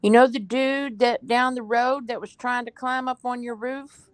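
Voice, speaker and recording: Chatty woman with a fairly high voice. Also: steady tone, moderate pace, dry recording. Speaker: friend co-chatting. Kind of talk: casual chat.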